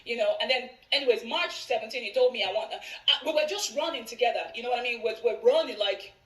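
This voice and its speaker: A woman's voice: on the high side, fast talker, a bit bright. A woman retelling a painful personal story in a rambling way, often repeating and restarting words. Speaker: vlogger telling her story. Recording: echoey room, far from mic, played from a video.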